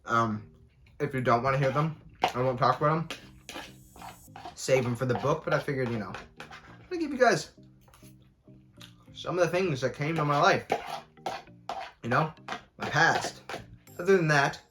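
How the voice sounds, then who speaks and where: A man's voice: on the high side, lively intonation, normal speed, long pauses, over music. A young man vlogging casually while eating, talking candidly and rambling with lots of fillers, sometimes with food in his mouth. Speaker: mukbang vlogger.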